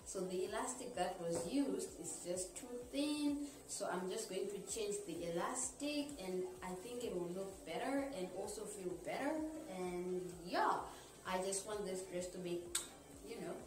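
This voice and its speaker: A woman's voice: mid-range voice, lively intonation, a little slow, roomy sound. A woman from Zimbabwe chatting casually to viewers in a sewing vlog, playful and direct. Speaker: sewing vlogger. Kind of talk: casual vlog talk to camera.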